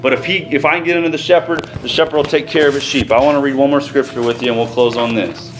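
A man's voice: mid-range voice, steady tone, quick pace. A man preaching a sermon as pastor, plain-spoken, folksy and earnest. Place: church sanctuary. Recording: roomy echo, faint ambient noise.

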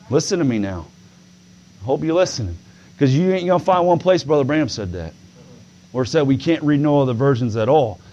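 Preacher man with a dull lo-fi sound. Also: fairly high pitch. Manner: building from conversational to loud, stretched-out preaching. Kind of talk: sermon.

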